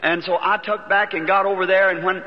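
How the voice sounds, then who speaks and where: A man's voice: high voice, steady tone, fairly quick. A man, preaching a sermon and telling his life story in a folksy way, taking on the voices of the people in it, recorded before a congregation in a large hall. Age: 50s. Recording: dull lo-fi archival sermon recording with long hall reverb.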